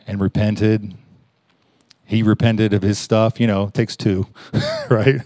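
Low-voiced man telling a sermon story. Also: mellow, no room sound, clean studio sound. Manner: storytelling, halting, many restarts, rising with emphasis. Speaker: preacher. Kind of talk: conversational sermon.

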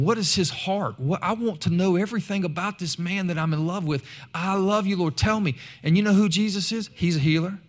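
Male preacher, higher-pitched, energetic sermon delivery with loud scripture readings. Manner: animated, rising to loud emphasis when reading scripture.

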